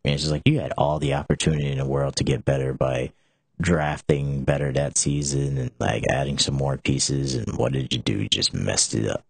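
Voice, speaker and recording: A man's voice: extremely low pitch, fairly even intonation, a little fast, creaky, slightly rough, no echo. A young man hosting a casual talk show, rambling with many restarts and filler words. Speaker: show host.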